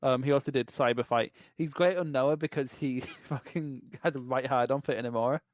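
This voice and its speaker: A man's voice: medium pitch, fairly quick, dry recording. A man co-hosting a casual podcast chat, giving blunt opinions and swearing casually. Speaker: podcast co-host.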